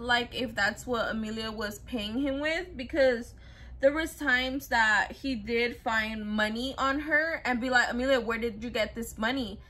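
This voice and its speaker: A woman's voice: a little high, bright, forceful tone. A young woman casually retelling a true crime story, chatty and loose, full of fillers, briefly acting out what people said. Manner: chatty, filler-heavy, acts out quotes loosely.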